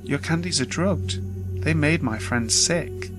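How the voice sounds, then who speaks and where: A man voicing a sinister small boy in a white mask, who mutters quietly in a cold, ghostly way over faint music. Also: on the high side, a little slow, pitched above the performer's own voice, close to an everyday voice. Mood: cold, accusing.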